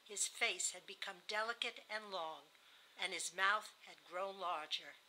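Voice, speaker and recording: Slow, bright-voiced woman narrator. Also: medium pitch, slight background noise, poor audio. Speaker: audiobook reader. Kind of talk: novel narration.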